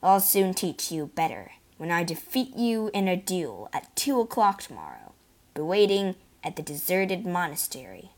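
A woman's voice: on the low side, very animated, normal speed. A woman voicing a slight, prickly young male musketeer who snaps indignantly in a storybook reading. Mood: furious. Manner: indignant, snappish.

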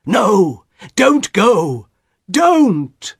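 A man acting out a scared old husband in a spoken storybook, raising his voice high to bark urgent warnings. The speech is slow and deliberate, recorded close and dry. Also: huge pitch swings, husky, no echo, exaggerated voice. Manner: urgent, commanding shouts.

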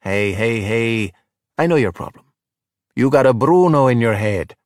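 A man's voice: medium pitch, expressive, a little slow, no echo, studio quality, lightly acted. A man voicing a bold, cocky young sea-monster boy who talks with breezy confidence, in a storybook reading.

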